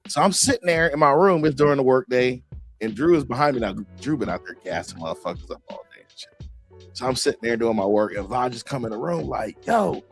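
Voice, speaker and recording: A middle-aged man hosts a podcast and tells stories in an easy, casual way, acting out the quotes with sudden shouts. His pitch swings up and down a lot, and faint music plays behind him. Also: quick pace. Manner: animated, acts out quotes with shouts. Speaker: podcast host. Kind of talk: casual storytelling chat.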